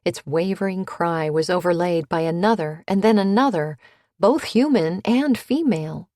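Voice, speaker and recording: A woman reading a cozy mystery audiobook, with even, unhurried narration that lifts into character voices for the dialogue. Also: lowish voice, no echo, clean studio sound. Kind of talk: scripted narration.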